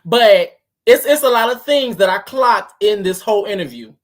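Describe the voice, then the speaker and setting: A woman delivers reaction commentary in her ordinary, mid-pitched voice. She dissects tone and word choice point by point, in the manner of someone building a case. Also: expressive, moderate pace. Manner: analytical, picks apart tone and wording.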